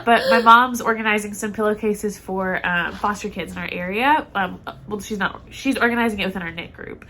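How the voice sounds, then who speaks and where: A bright, forceful-voiced woman chats away on a knitting podcast, stuffy-nosed and rambling with plenty of fillers. Her speech runs on with "like" and "um". A faint room hum sits underneath. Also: medium pitch, brisk. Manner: chatty, rambling, filler-heavy. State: stuffy nose. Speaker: podcast co-host. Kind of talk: casual knitting podcast chat.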